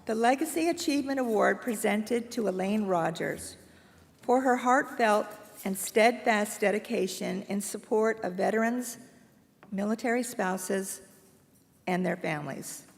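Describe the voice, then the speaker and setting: A woman's voice: mid-range voice, unhurried, gravelly. A woman giving an emotional, chatty tribute speech and presenting an award at a hotel ballroom ceremony. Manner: warm, emotional, chatty storytelling. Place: hotel ballroom event, live stream. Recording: long hall reverb.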